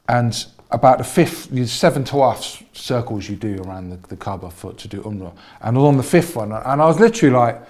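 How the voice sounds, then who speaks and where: A mid-pitched man appearing as a filmmaker guest on a comedy podcast. He tells personal stories earnestly, growing quieter as he reflects. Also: fast talker, hardly any pauses. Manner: earnest storyteller, drops to a soft voice in reflective parts. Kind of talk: casual anecdote telling.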